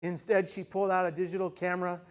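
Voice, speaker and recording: A man with a high voice delivers a speech to a live audience, telling a gripping personal story. His delivery is dramatic, rising to intense peaks and then dropping to hushed, slow emphasis. He often turns to the crowd with rhetorical questions. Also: flat delivery, clean tone. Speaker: keynote speaker.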